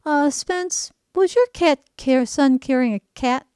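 A woman's voice: high-pitched, unhurried, a little mellow, no room sound, clean studio sound, pitched above the performer's own voice. A woman voicing a mother who sounds mildly reproachful but is not really angry, in a storybook reading. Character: stern-looking mother, not really mad.

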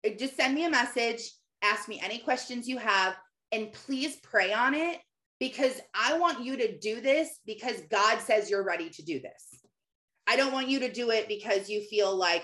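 Hosting a live session as a Christian mentor, this woman in her thirties has a slightly high, somewhat bright voice and a moderate pace. She chats with viewers by name, laughs a lot, and gives relaxed, uplifting faith-based coaching.

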